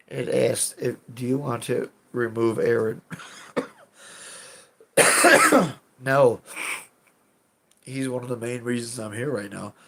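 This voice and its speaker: A man streams live and chats with viewers in a slow, unhurried, rambling way. His voice carries a gravelly fry, and he's self-deprecating, dropping the odd swear as he goes. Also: medium pitch, lively intonation, sharp tone. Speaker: streamer answering live chat. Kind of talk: casual livestream chat.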